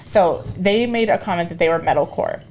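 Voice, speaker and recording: A woman's voice: fairly low pitch, animated, a little fast, a little mellow, a little hiss or hum. A woman co-hosting a podcast, leading the topic in casual chat and checking in with questions. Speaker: podcast co-host.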